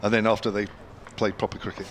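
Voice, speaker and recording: This fairly low-pitched man talks fast in a flat delivery, and there's slight hiss or hum behind him. He's an older Englishman and ex-county cricketer calling the game delivery by delivery, filling the gaps with stories in a chatty, storytelling way.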